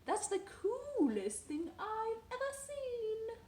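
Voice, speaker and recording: A woman reading a storybook aloud, voicing a shocked young mother who exclaims in a shrill voice. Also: sing-song, measured pace, darkish tone, reverberant, slight background noise, heavily acted. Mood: delighted.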